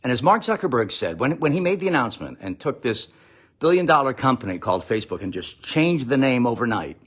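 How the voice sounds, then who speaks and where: A man's voice: medium pitch, very animated, quick pace, fairly bright tone, slightly rough. A middle-aged man delivering a sarcastic, rambling comic monologue on a live stream, reading out viewer comments and mocking quotes. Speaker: comedian streaming live to followers. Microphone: phone or webcam live stream.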